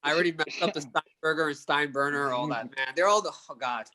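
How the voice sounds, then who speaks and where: A man's voice: a little high, fast talker, crowd noise. A man from New York, a podcast guest, chatting casually and rambling with lots of fillers. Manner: rambling, filler-heavy, keeps asking "you know what I mean". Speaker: podcast guest, card collector. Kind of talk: casual chat.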